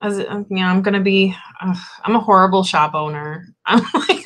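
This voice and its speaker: A woman's voice: mid-range voice, moderate pace, hardly any pauses, fairly bright tone. A woman shop owner chatting casually on a tarot livestream, rambling and giggly, with lots of fillers.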